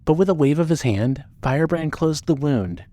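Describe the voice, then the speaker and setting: A man narrating a fan audio drama with steady storytelling. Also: a little high, normal speed.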